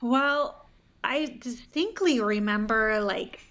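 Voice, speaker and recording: A woman's voice: fairly high pitch, slow pace, fairly bright tone. Reflective woman nurse guest. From Nine Mile Falls, Washington. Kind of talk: conversational interview.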